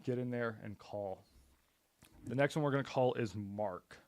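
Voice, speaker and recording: A man's voice: mid-range voice, unhurried, darkish tone, dry recording. Blunt, upbeat man in a dry room. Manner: blunt, upbeat, salesy, swears casually. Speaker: real estate investor and streamer. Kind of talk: casual live-stream commentary while cold-calling.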